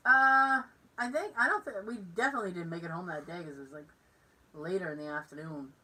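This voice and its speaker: A woman from Massachusetts with a local accent co-hosts a podcast, telling a story in casual chat and acting out other people's lines. Her lowish voice is fast, pushed, and bright, but the distant mic makes the audio poor.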